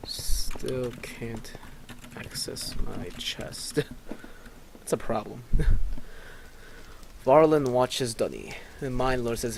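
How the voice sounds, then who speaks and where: A laid-back man hosting a let's play, narrating a roleplay game and reading out chat. He talks slowly in a middle-pitched voice and chuckles often, with faint noise behind. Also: creaky, darkish tone. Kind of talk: casual game commentary.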